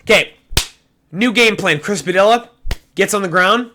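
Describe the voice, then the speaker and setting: A young man casually talking through fight predictions, cursing often and changing his mind out loud. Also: sits high, moderate pace, noisy background. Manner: indecisive, swears often, flips picks. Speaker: MMA prediction YouTuber. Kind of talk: casual solo prediction talk.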